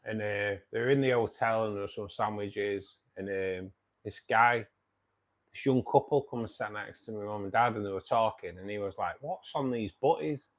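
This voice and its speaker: A man's voice: lowish voice, fairly even intonation, normal speed. A British man hosting a live stream, chatting in a matey, casual way, swearing now and then and often chuckling. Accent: British English. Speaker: live-stream host reading viewer comments.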